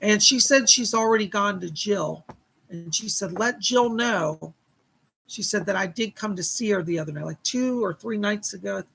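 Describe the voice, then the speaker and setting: A man giving a live-streamed psychic reading in a bright, tense voice with a gravelly edge. He talks chattily, thanking viewers and passing on messages with endless "she said" asides. His tone is somewhat husky. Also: high voice, moderate pace. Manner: chatty, relays spirit messages with constant "she said"; warm thanks to viewers for donations.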